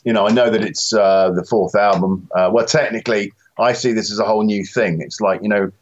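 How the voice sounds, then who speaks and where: A low-voiced man chatting as an interview guest, rambling and poking fun at himself. The sound is dull and lo-fi, with the top end muffled. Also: steady tone, a little fast. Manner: rambling, self-deprecating, many fillers and restarts. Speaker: musician guest. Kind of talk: casual interview talk.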